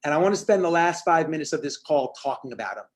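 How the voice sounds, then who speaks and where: A man's voice: a little high, lively intonation, fast talker. A man in his forties, a motivational speaker telling a story with energy and punchy, acted-out quotes. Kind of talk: storytelling talk on a video call.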